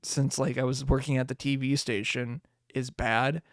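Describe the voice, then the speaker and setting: A man hosting a casual solo podcast, rambling, swearing and laughing often, with sudden jumps in pitch. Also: fairly even intonation, normal speed, dry recording, studio quality. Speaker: podcast host.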